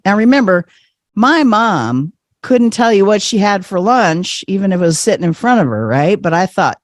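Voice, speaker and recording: A man's voice: high-pitched, big pitch swings, moderate pace, dry recording, studio quality. A man, a guest on a podcast, telling a personal story in a casual chat. He talks animatedly, acts out voices and laughs often.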